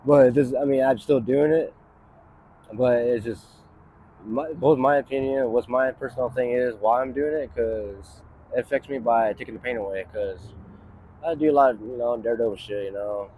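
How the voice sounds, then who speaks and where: A man in his thirties talking outdoors on a city street for a street interview, his voice at an ordinary middle pitch. He rambles through his story, swearing freely and filling gaps with "you know" and "like", while faint traffic noise runs behind him. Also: moderate pace, mellow. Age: 30s. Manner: rambling, profane, many fillers like "you know". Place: outdoors on a city street near a bus stop.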